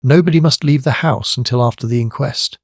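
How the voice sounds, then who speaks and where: A man voicing a shrewd middle-aged police superintendent who speaks in a measured, quietly firm way. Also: medium pitch, dry recording, clean studio sound, voice pushed up, lightly acted. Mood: steady.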